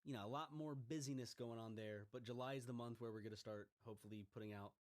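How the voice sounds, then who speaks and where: A man's voice: medium pitch, steady tone, quick pace. A young man co-hosting a podcast in loose, rambling casual chat. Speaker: podcast co-host.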